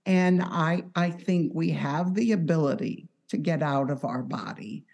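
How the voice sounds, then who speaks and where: A woman with a notably low voice talks slowly and deliberately. She works as an on-call hospice healthcare professional and tells stories from her work in a measured, reflective way. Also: creaky, a little mellow. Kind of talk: conversational storytelling.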